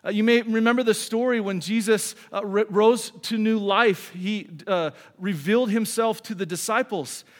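A middle-aged man with a steady, high-pitched voice preaches a sermon as a pastor in a large hall, moving at a moderate pace with few pauses. He comes across as earnest and conversational and often begins his sentences again.

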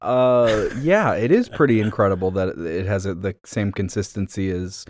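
A man's voice: fairly low pitch, expressive, normal speed, a little mellow, a little hiss or hum. A man from New York co-hosting a podcast, chatting casually and wryly, full of hesitations and fillers. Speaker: podcast co-host. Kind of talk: casual chat.

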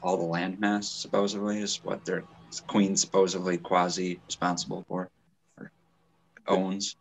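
Brief: laid-back male joker, lowish voice. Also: little pitch movement, normal speed, rough recording. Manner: joking, offhand. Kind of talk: casual chat.

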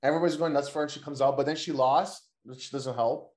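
Joking, cursing wrestling podcast host. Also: male voice, medium pitch, steady tone, quick pace, a little mellow, roomy sound. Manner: loose, joking, profane banter. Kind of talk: casual wrestling podcast chat.

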